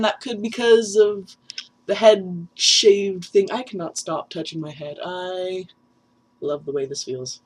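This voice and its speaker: A man's voice: a little high, a bit bright. A young adult trans man with a nasal voice, chatting casually in a vlog and rambling with many fillers. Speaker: vlogger.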